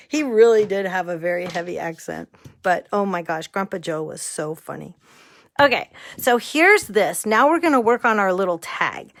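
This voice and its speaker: A woman talking through a card-making tutorial, easygoing and chatty. Her voice sits at an ordinary middle pitch. She drifts into rambling family stories and laughs easily along the way. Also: animated, moderate pace, vocal fry, a bit bright. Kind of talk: casual crafting tutorial chat.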